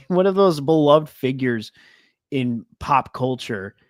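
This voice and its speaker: A man's voice: medium pitch, expressive, drawn-out words, dry recording, studio quality. A man co-hosting a casual sports podcast, talking earnestly and often trailing off mid-thought. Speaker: podcast co-host.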